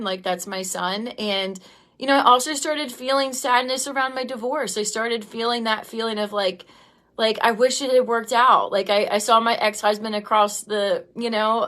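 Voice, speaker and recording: This woman in her thirties, a business coach running a livestream, has a fairly high, fairly bright voice. Speaking with feeling and through tears, she welcomes viewers by name in a rambling, heartfelt way, with lots of "um" and "like."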